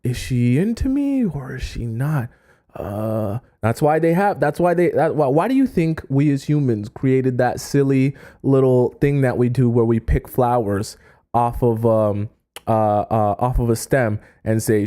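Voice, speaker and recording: A man's voice: medium pitch, measured pace, mellow. A man coaching on dating in a casual lecture, often checking in with "right?" and acting out quotes. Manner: acts out quoted voices.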